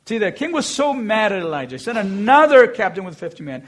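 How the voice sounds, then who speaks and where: A male pastor preaching a sermon, telling a scripture story expressively with slow, emphatic phrases. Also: high voice, big pitch swings.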